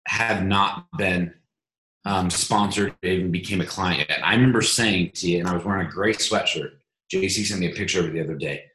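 A low-pitched man hosts a team coaching call with motivational energy. He stumbles over repeated words as he pushes his point. The sound is roomy, with a clear echo around him. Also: a bit bright.

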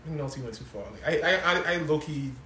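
Man, casual podcast co-host, rapid-fire slangy talk, slightly high voice, roomy echo. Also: pushed and bright, a little hiss or hum. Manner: fast, slangy, swears freely. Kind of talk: casual chat about TV shows.

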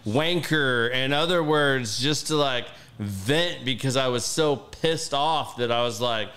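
A man hosting a podcast, telling stories in a casual, profane, animated way. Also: mid-range voice, slow, hardly any pauses. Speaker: podcast host.

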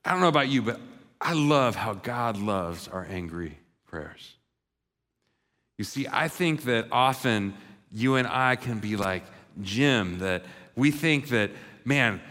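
A man's voice: mid-range voice, sharp tone. A man preaching a sermon, telling a story and acting out the voices of its characters. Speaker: pastor. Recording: long reverb of a large hall.

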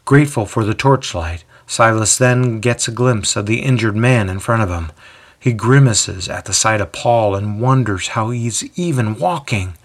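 Brief: male storybook narrator, low voice, breathy edge, steady and descriptive. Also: normal speed.

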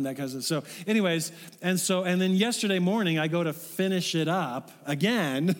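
A man's voice: on the high side, normal speed. A middle-aged man preaching a sermon in a casual, folksy way, with asides to the congregation. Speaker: pastor. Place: church sanctuary. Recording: long hall reverb.

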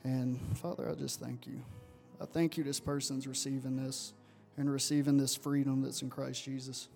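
A man leading a spoken prayer in church, earnest and steady, often repeating "Father" and "I just". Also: mid-range voice, moderate pace, gravelly, soft background music. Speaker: prayer leader.

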